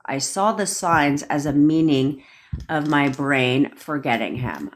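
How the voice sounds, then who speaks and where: A woman's voice: rumbling low, expressive, slow. Blunt, profane woman ranting on a livestream. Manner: blunt, profane, answers viewer comments directly. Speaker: manifestation coach. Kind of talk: casual livestream rant. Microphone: phone or webcam on a livestream.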